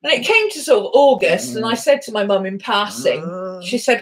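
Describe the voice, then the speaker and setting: A woman's voice: fairly high pitch, animated, moderate pace, a bit bright. A woman chatting casually on a home vlog, fondly telling a story about her rescue dogs. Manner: chatty, fond, talks baby-talk to her dogs. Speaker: vlogger. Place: home, indoors.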